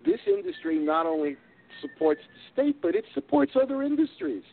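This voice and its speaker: Male caller, gravelly, lively pitch, animated storyteller, tinny phone audio. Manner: animated, acts out quotes, slightly halting. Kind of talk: phone-in chat. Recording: telephone line.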